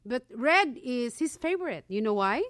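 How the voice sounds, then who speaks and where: Filipina radio co-host reading a script. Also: female voice, on the high side, sing-song, moderate pace, a bit bright, no room sound, studio quality. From Philippines.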